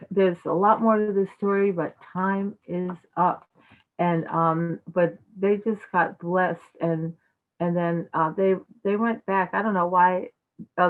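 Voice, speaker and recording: A woman speaking in a low-ish voice, retelling a sacred story in an animated, chatty way with plenty of "um" and "like." Her voice comes through a video call with thin, phone-like sound. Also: creaky. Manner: animated, chatty, many fillers. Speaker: devotional speaker. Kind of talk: storytelling talk. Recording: tinny phone-like call audio.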